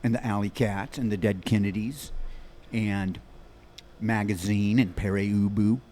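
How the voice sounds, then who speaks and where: A man in his sixties, a musician guest on a podcast, telling long anecdotes in quick animated bursts with many restarts. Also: lowish voice, a little hiss or hum. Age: 60s. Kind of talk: rambling storytelling in an interview.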